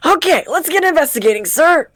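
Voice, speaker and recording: An eager, loyal young male detective, as a woman puts him on, earnest and dutiful. He talks in a lively, up-and-down voice that sits fairly high. The sound is dry and close. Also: a little fast, dry recording. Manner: earnest, ends lines with "sir" and "pal". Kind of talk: reading game dialogue aloud.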